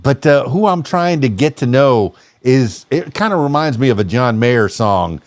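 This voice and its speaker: A man's voice: mid-range voice, lively intonation, moderate pace, no echo. Teasing man hosting a podcast. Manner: playful, teasing, rambling. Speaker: podcast host. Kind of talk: casual podcast chat.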